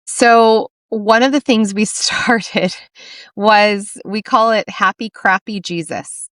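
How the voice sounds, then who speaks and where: Middle-aged female podcast host, earnest storyteller, even mid-range voice, dry studio sound. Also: medium pitch, slow, no echo. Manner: earnest, tells stories with quoted dialogue. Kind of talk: casual interview chat.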